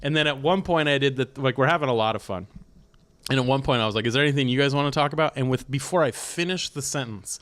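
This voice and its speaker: A man's voice: medium pitch, fast talker, a bit bright. A man co-hosting a podcast, telling rambling comic stories and laughing often. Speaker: podcast co-host, comedian. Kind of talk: casual comedic chat.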